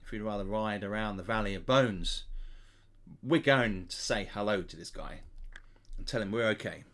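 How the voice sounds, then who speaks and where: A man's voice: lowish voice, normal speed, a bit bright. A man hosting a channel, reading a gamebook aloud with casual asides to his viewers. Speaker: gamebook player and channel host.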